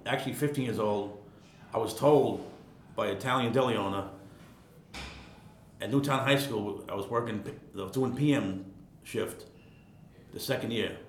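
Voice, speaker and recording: A man around sixty from Queens, telling stories casually as an interview guest, rambling and repeating words. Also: normal speed. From Queens, New York. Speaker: guest, retired ironworker. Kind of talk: casual storytelling. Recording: echoey room, faint rumble.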